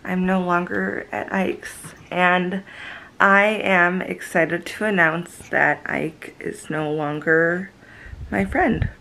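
Giggly young woman with a gravelly voice. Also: lowish voice, steady tone, slow, pushed and bright, slight background noise, rough recording. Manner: gushing, giggly. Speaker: vlogger. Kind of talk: casual vlog talk.

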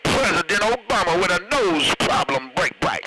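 High-voiced joking man on a CB radio. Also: big pitch swings, normal speed, over music, poor audio. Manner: joking, teasing, signs off with "break, break". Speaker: CB radio operator. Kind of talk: CB radio chatter.

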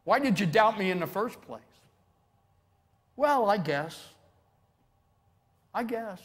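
A man's voice: high voice, lively intonation, takes it slowly, big-room sound, voice pushed up. A man preaching who voices God as amused and teasing, asking wry chuckling questions of someone who is lost.

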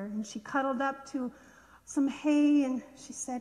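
A woman gently and expressively reading a children's story aloud in a church worship service. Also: high-pitched, a little slow, long reverb tail.

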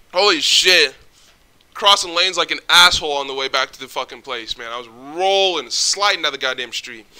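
A young man with a very bright, higher-pitched voice tells a story in a rush of excitement. He swears freely and throws his energy into every beat. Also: clean tone. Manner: excitable, profane, animated. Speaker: vlogger. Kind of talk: casual storytelling.

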